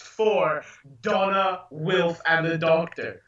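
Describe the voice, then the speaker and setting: A man's voice: fairly high pitch, slow pace, fairly bright tone. A young man ranting about a TV episode, exasperated and sweary, in a casual podcast. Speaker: podcast co-host. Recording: echoey, distant, dull-sounding room mic.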